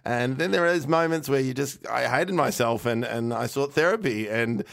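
A man's voice: medium pitch, normal speed, creaky, a bit bright. A man in his thirties co-hosting a podcast, telling heartfelt family stories in a rambling way with many restarts. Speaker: podcast co-host. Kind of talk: casual chat.

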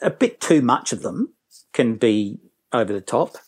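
Male trainer, lively joker, mid-pitched voice. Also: unhurried, husky. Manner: enthusiastic, jokey, puts on voices. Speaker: business trainer and storyteller. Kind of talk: interview guest.

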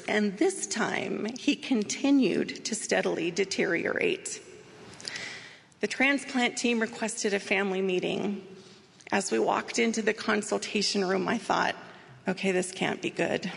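Woman sharing her story, earnest and measured, gravelly edge, big hall echo. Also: mid-range voice. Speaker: speaker sharing a personal story. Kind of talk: personal testimony talk.

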